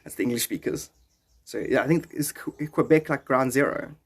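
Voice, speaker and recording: A man's voice: mid-range voice, moderate pace, breathy edge. A man streaming live and chatting casually with viewers, rambling and joking with frequent chuckles. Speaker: livestreamer. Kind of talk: casual livestream chat.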